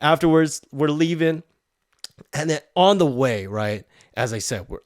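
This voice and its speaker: A man's voice: fairly high pitch, expressive, measured pace, no echo, clean studio sound. A man hosting a podcast, telling a story in a blunt, profane, heated rant. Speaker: podcast host. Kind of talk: ranting storytelling.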